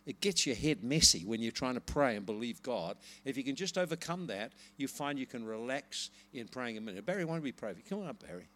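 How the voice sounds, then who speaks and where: A man preaching to a congregation, telling a healing story in a lively, animated way. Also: mid-range voice, fast talker, hardly any pauses. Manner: animated storytelling, rises to laughing excitement. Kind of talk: sermon with personal story.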